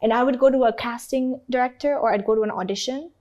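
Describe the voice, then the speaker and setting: Casting note: animated, emphatic woman interviewee, slightly higher voice, storytelling mode. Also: quick pace, lo-fi sound. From North Africa. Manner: animated, emphatic, acts out other people's voices; swears casually. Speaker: interview guest.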